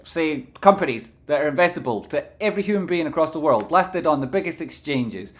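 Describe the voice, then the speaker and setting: A fairly high-voiced man talks through stock charts on a live stream. He rambles in a loose, profane way, reading chat messages aloud between his thoughts. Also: brisk. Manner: rambling, animated.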